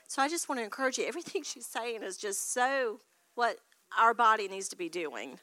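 A woman telling an animated testimony story and acting out what people said. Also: sits high, normal speed, dry recording. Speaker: congregation member sharing a testimony.

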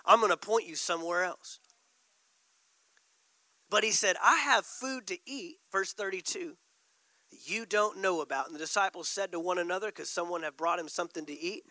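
A man delivers a sermon in a strikingly bright, piercing voice that sits high. He preaches emphatically, drawing out key words for stress. The sound is close and dry. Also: moderate pace, dry recording, low-quality recording. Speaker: pastor.

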